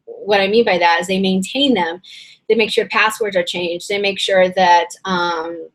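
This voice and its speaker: A woman coach talks members through an online session in a loose, chatty way. She rambles and restarts her sentences with plenty of fillers, and her voice sounds slightly hoarse and worn. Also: mid-range voice, steady tone, moderate pace, poor audio. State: voice a little hoarse and strained. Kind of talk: casual webinar teaching.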